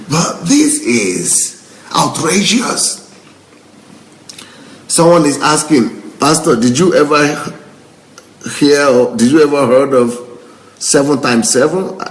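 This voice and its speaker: A man's voice: mid-range voice, measured pace, pauses often, echoey room, low-quality recording. A male pastor giving live commentary on viewer comments, indignant and emphatic, repeating phrases for effect and often laughing. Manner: breaks into laughter.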